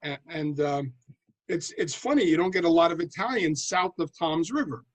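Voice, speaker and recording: A man's voice: on the high side, animated, normal speed, dry recording. A man from North Jersey co-hosting a comedy talk show, easygoing and a bit rambling. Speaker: co-host. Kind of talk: casual chat.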